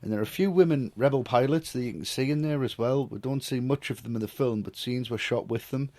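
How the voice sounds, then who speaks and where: A man's voice: mid-range voice, brisk, no echo. A man co-hosting a casual film podcast, ranting animatedly with swearing and jokes. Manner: animated, swearing, jokey rants. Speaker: podcast co-host.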